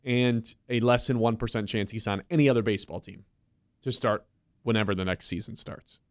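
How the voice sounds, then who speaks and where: A man with a low voice, hosting a sports radio show. He talks in a measured, analytical way and teases his co-host. The sound is close and dry. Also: dry recording.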